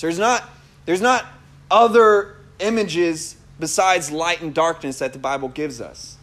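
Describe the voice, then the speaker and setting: A man preaching a sermon and telling personal testimony in an animated way, laughing often. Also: a little high.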